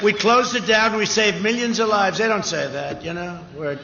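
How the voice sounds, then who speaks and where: Gravelly and sharp in tone, a high-pitched man speaks at normal speed while delivering an improvised rally speech outdoors to a large crowd, emphatic, repetitive and full of rambling asides. The echoey PA recording loses its highs, and cheering rises behind him.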